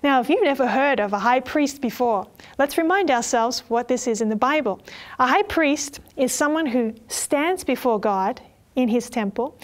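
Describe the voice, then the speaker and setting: A woman preaching a sermon in a high voice. She talks in an earnest, expressive way, moving between scripture readings and vivid storytelling as she speaks to her listeners.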